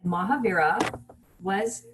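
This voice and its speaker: A woman giving a relaxed online lecture over a video call, explaining things plainly with fillers and restarts. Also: mid-range voice, slow pace, noisy background. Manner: casual teaching with fillers and restarts.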